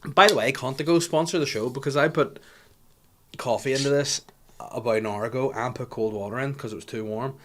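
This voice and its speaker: A man hosts a podcast from a small studio, talking in a casual, comedic way. He rants and jokes with lots of swearing. His delivery is animated and sits at a middle pitch for a man. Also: fairly quick. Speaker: podcast host.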